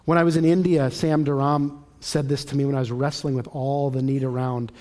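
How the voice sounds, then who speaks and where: A man's voice: mid-range voice, a little fast. A man teaching a church lesson in a conversational, storytelling way, acting out the dialogue in his anecdotes. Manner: lively storyteller who acts out dialogue, conversational. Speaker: Christian teacher. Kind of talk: sermon-style teaching with personal stories.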